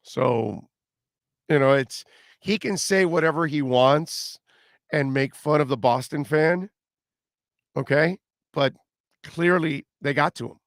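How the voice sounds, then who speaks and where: A man's voice: fairly high pitch, slow pace, pauses often, no room sound, studio quality. A man hosting a sports radio show, talking casually with fillers and repeated words.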